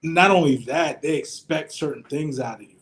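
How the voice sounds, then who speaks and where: Male panel guest from Pennsylvania, slightly higher voice, earnest and reflective. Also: moderate pace, fairly bright tone. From Harrisburg, Pennsylvania. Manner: earnest, reflective, many you-knows. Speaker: panel guest, tech worker and veteran. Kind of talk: casual panel chat.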